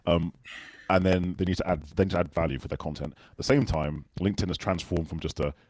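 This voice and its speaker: A man's voice: low voice, fairly even intonation, fast talker, darkish tone, dry recording. A British man hosting a casual livestream chat, rambling and self-deprecating as he talks. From Britain. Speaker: livestream host.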